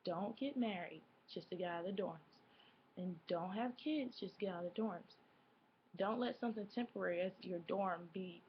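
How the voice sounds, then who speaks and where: A woman's voice: lowish voice, lo-fi sound, a little hiss or hum. A woman in her twenties chatting casually to camera as a vlogger, rambling with lots of fillers and self-corrections. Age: 20s.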